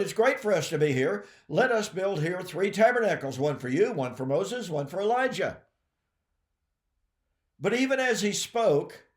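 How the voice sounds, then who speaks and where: A man teaching the Bible in a high, animated voice, leaning hard on key words and addressing his listeners as folks. He talks at an unhurried, deliberate pace and clears his throat now and then. The recording carries a roomy echo. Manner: emphatic, addresses listeners as folks and ladies and gentlemen.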